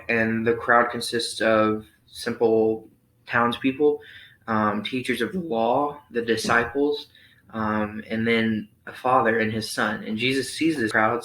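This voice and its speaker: A young man reading scripture aloud and explaining it in a relaxed youth Sunday school lesson, thinking aloud with frequent ums. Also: mid-range voice. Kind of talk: Bible reading and casual lesson. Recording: roomy echo.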